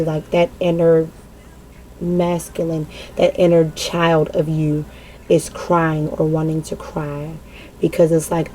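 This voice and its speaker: Woman, tarot reader, low-pitched, mellow tone, halting, repeats words, earnest. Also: slight background noise, poor audio. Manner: halting, repeats words, thinks aloud as she goes; earnest and emotionally open. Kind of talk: spontaneous spiritual card reading.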